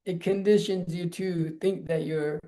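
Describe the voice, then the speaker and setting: A man's voice: high-pitched, fairly even intonation, measured pace, warm tone. A man speaking casually in a scripture class, rambling with many restarts. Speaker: lecturer on scripture. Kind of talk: informal scripture class talk.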